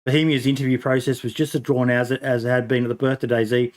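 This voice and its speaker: A man's voice: medium pitch, level tone, fast, a little mellow. A man hosting a casual gaming podcast, talking in long rambling stretches full of ums and false starts. His voice sits in an ordinary middle register, and he swears offhandedly. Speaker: podcast host.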